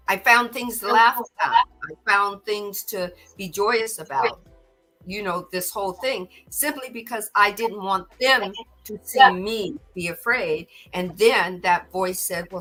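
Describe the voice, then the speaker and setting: Bright-voiced woman giving earnest spiritual talk. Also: medium pitch. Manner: earnest, repeats words when stirred. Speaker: podcast host.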